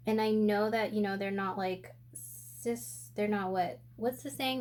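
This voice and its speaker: A woman walks through her makeup routine in an unhurried, easygoing way, her voice at a middle pitch. She chats and thinks aloud as she works, sounding a little out of breath. The talk is casual and relaxed, like a home tutorial. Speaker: beauty vlogger. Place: indoor room with sunlight coming in.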